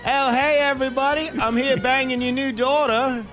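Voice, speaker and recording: A man's voice: extremely high pitch, fairly even intonation, normal speed, a bit bright, faint music behind, pitched above the performer's own voice. A man doing a leering old rock star with an Australian twang. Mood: lecherous. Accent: put-on Australian. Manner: lecherous, doddering. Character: aged male rock star, creaky, leering.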